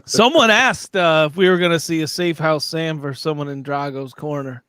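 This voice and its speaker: High-voiced, teasing male panelist. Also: normal speed, a bit bright, clear, resonant tone, no room sound. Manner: teasing jokes. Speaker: podcast panelist. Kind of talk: casual gaming podcast chat.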